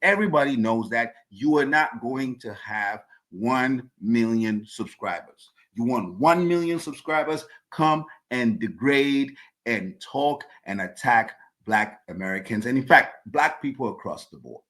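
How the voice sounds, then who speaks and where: A man's voice: medium pitch, lively intonation, measured pace, a bit bright. A man hosting his own podcast, delivering an emphatic opinion monologue and repeating words as he builds his points. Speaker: podcast host.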